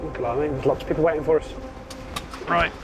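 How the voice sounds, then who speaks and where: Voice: mid-range voice, fairly even intonation, quick pace, noisy background. A paramedic, talking with a patient in a chatty, reassuring way. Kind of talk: casual talk with a patient.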